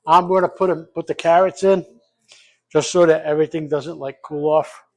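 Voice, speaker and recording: An older man hosts a relaxed home cooking vlog from his kitchen, riffing off the cuff with lots of jokes and profanity. His voice is a little high and steady in tone, at a normal speed.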